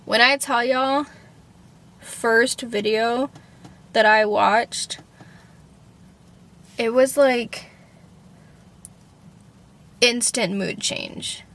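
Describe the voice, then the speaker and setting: A young woman speaking to camera in an unhurried personal vlog. Her voice sits a little high and she drifts through her thoughts, leaning on "like" and swearing casually. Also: fairly even intonation, vocal fry, fairly bright tone. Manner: rambling, heavy on "like", swears freely. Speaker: vlogger.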